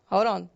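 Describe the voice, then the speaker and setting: A woman pastor telling a personal story in a sermon, talking in a plain, colloquial way that drops to quiet asides and rises to loud emotional bursts. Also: highs cut off. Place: church sanctuary.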